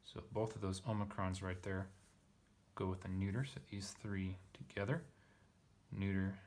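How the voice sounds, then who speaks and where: A man's voice: deep voice, little pitch movement, moderate pace, a little mellow. A man teaching a text line by line, thinking aloud with frequent fillers and self-corrections. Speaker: Greek teacher. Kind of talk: casual lesson reading.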